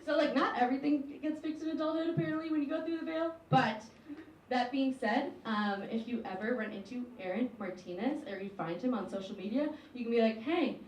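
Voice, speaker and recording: A woman in her twenties performing a stand-up set, chatty and full of fillers, jumping into excited outbursts. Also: brisk. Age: 20s. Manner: chatty, filler-heavy, jumps into excited high-pitched outbursts. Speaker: stand-up comedian. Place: university comedy club stage with a live audience. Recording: roomy, distant, faint crowd and noise.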